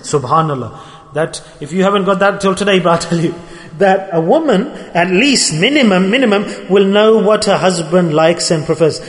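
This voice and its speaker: Animated high-voiced male preacher in a hall. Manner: animated, acts out quoted people, mixes Arabic and Urdu terms. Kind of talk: sermon.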